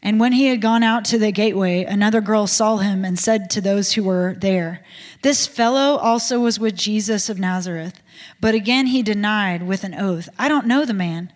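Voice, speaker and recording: A woman reads scripture aloud in a steady, measured voice of middle pitch. The reading carries the long reverb of a large hall. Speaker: scripture reader.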